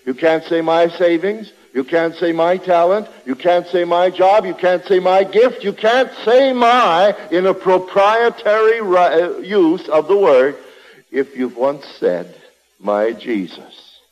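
Guy preaching real slow and emphatic, voice a bit high, long echo like a big hall. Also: highs cut off. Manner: emphatic, repetitive preaching cadence. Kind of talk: sermon. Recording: long reverb of a large hall.

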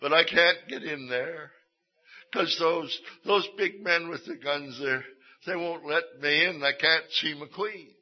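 A man's voice: a little high, a little slow. Pleading East London boy of eleven, put on by a male preacher, lo-fi. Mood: woeful. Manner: earnest, pleading. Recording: dull lo-fi sermon recording.

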